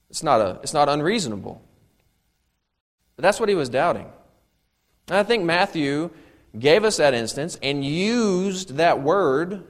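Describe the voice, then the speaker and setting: A man preaching a sermon, reading scripture aloud with dramatic emphasis and breaking into conversational, humorous asides. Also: fairly high pitch. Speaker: pastor.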